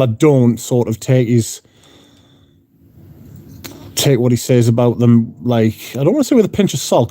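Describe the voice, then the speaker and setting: A man's voice: mid-range voice, mellow, no room sound. A man hosting a livestream, chatting casually, reading out viewer comments, and swearing bluntly. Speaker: livestream host. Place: room at home.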